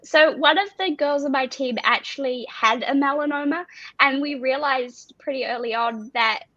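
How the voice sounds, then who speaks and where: A teenage girl giving a rehearsed pitch for her student business over a video call, in a clear, recited delivery. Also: normal speed, pushed and bright, no echo. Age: teens. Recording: dull, dry video-call audio.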